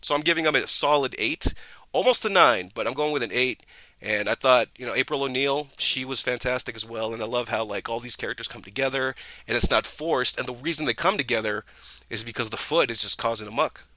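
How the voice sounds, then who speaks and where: Bright, enthusiastic rambling man. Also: medium pitch, fairly quick, dry recording, rough recording. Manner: enthusiastic, rambling with many restarts. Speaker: podcast co-host. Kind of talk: casual movie review chat.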